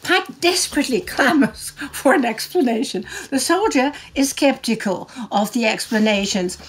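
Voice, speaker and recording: A woman co-narrating a history documentary in a measured, emphatic way with hushed asides. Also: fairly high pitch, expressive, breathy edge.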